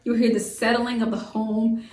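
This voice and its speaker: A lively woman teacher leads a young class, firing off questions and answering them herself. Her voice sits a little high. She sounds a few steps back from the mic in an echoey room. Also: normal speed, recorded from a distance. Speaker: homeschool teacher. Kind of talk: children's science lesson to camera.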